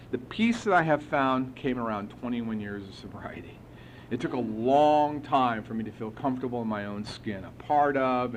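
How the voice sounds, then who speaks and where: Brief: middle-aged man, recovery-meeting speaker, animated storyteller, mid-range voice, faint hum behind. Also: mid-range voice, rough recording. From United States. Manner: animated storyteller acting out dialogue, chuckling. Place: meeting hall.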